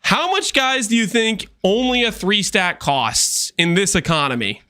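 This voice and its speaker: A man streaming a game, chatting with viewers in an animated, teasing way with quick asides. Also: high voice, smooth. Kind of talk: livestream chat with viewers.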